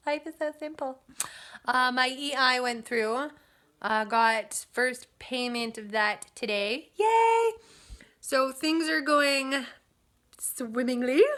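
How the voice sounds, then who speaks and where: A young woman chatting casually as a vlogger about new motherhood, upbeat and relaxed with fillers and small laughs. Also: a little high. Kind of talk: casual chat. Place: home nursery.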